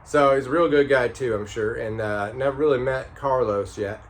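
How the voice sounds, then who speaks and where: Rambling, halting male storyteller. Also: medium pitch, slight background noise. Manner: rambling, halting, many fillers. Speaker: vlogger. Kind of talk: casual storytelling.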